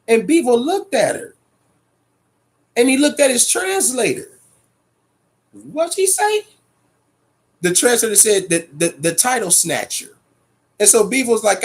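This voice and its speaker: A man's voice: sits high, very animated, measured pace, vocal fry, pauses often. A man hosting a boxing talk show, giving profane, emphatic commentary and repeating his points. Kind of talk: casual boxing commentary rant.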